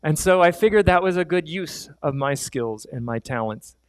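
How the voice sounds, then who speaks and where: A middle-aged man preaching in a church, his voice sitting a little high for a man. He tells stories about himself with candid, self-deprecating humor. The sound is dry and close, with no room echo. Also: lively intonation, clear, resonant tone. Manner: candid, self-deprecating storytelling with quick laughs. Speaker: pastor. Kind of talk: sermon with personal storytelling. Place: church sanctuary.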